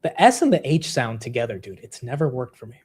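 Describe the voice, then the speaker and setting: A young man hosting a casual livestream, laughing at himself and reacting quickly to the chat. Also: medium pitch, husky. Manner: animated, self-mocking, reacting to chat. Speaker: livestream host.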